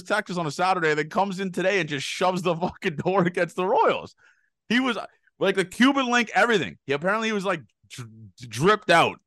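Fast-talking young man. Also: high-pitched, a bit bright, dry recording, studio quality. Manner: rapid rambling anecdotes, laughing, swearing. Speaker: podcast co-host. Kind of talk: casual storytelling.

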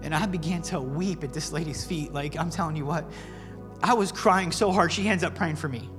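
A man's voice: a little high, brisk. A male pastor preaching a sermon, telling stories in a casual, earnest way with fillers like "man". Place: church sanctuary. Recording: long reverb with faint music in a church.

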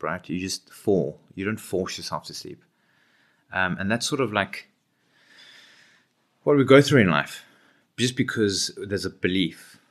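A man's voice: deep voice, a bit bright. A man co-hosting a casual podcast, talking reflectively with many restarts. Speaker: podcast co-host. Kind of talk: casual chat.

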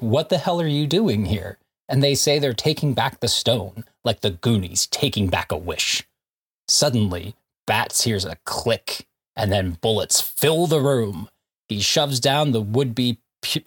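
A man's voice: medium pitch, fairly bright tone, breathy edge. A man co-hosting a comic book podcast, recapping issues in a casual, jokey way with frequent laughs and asides. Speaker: podcast co-host.

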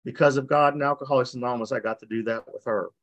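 A man's voice: medium pitch, fairly even intonation, racing, dull audio. A middle-aged man giving an earnest, emotional personal testimony over a video call, repeating himself as he tells his story. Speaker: speaker sharing his recovery story. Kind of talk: personal testimony at a recovery meeting.

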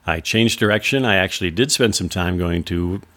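Wry low-voiced man telling stories. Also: normal speed, fairly bright tone. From Wisconsin. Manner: wry, incredulous anecdote telling. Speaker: podcast host. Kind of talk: storytelling monologue.

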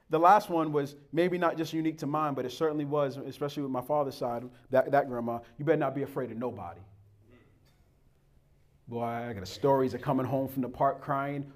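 A man preaching a sermon to his congregation, who calls them "beloved" and acts out a stern grandmother's voice, swinging from loud exhortation to soft, low asides. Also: steady tone, brisk. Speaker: pastor.

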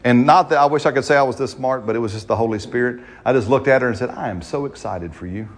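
A man's voice: medium pitch, fairly even intonation, slight background noise. A man preaching a sermon in church, stretching out scripture lines and punctuating them with amens. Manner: fervent preaching, slow drawn-out stress on scripture, frequent amens. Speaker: pastor. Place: church service.

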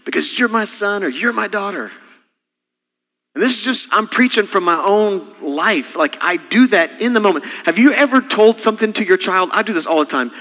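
A middle-aged man preaching a sermon as senior pastor, impassioned, with sudden soft drops. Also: high voice, lively intonation, moderate pace, long reverb tail.

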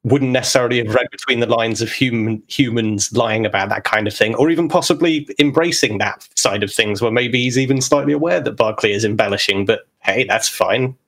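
Brief: mid-pitched male player, thoughtful, hedges a lot, casual voice call. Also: a little fast, few pauses, fairly bright tone. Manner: thoughtful, hedging with "kind of" and "necessarily". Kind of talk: casual chat planning a role-playing game.

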